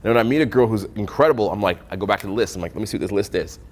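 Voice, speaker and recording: A man's voice: lowish voice, very fast, in a large hall. A young man coaching on dating in a casual, profane storytelling style, acting out both sides of conversations.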